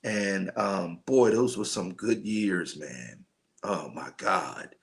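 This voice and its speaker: Slow, gravelly-voiced preacher on a livestream. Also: male voice, low-pitched. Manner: slow and rambling, many fillers, greets viewers by name. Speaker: pastor hosting a men's night livestream. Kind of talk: casual livestream talk and preaching.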